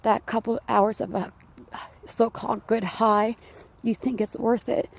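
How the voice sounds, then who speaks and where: A woman out of breath, rambling and confessional as she vlogs while walking outdoors in a quiet neighborhood. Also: on the high side, level tone, unhurried, creaky. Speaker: vlogger. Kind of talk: casual vlog while walking. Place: outdoors, quiet residential community. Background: faint dog and insects.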